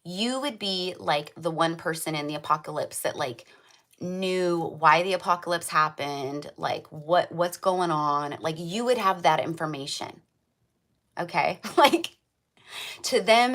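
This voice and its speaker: Woman, tarot reader, casual reading to camera, low-pitched, rambling, filler-heavy. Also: fairly bright tone. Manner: chatty, rambling, full of "like" and "right?".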